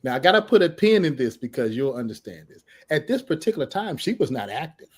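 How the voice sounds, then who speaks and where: A middle-aged man telling his story with lots of energy. His voice sits a little high for a man. He laughs often and acts out the people in the tale. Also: big pitch swings, quick pace, husky. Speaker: podcast guest telling his testimony. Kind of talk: animated storytelling.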